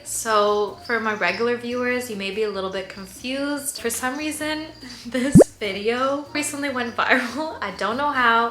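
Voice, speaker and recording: A young woman in her twenties chatting casually to camera in a Q&A vlog, saying "like" a lot. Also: mid-range voice. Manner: chatty, tearful at times, lots of "like". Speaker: vlogger. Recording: echoey room, faint cricket noise. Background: faint crickets.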